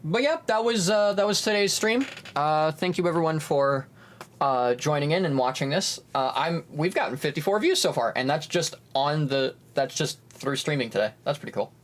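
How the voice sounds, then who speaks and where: Young male streamer, relaxed chatty co-host, lively, a touch high-pitched. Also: normal speed. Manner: animated, breaks into high silly voices. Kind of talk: casual stream chat.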